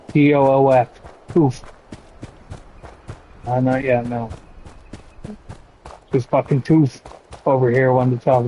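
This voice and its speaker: Slow-talking laid-back man streaming. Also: mid-range voice, warm tone, slight background noise, rough recording. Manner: slow, laid-back, profane banter with chat. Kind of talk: casual gaming stream chat.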